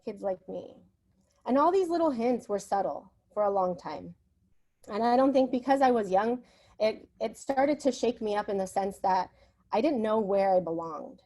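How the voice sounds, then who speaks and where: A woman's voice: mid-range voice, animated, moderate pace, warm tone. A woman presenting at an education conference, speaking personally and reflectively about her school years. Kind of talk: conference talk.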